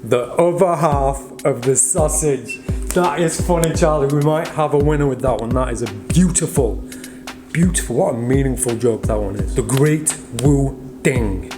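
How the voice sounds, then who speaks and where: A man's voice: medium pitch, moderate pace. Man, magic vlog host, joking, reading viewer comments, music playing underneath. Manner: joking, teasing an off-camera helper. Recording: background music.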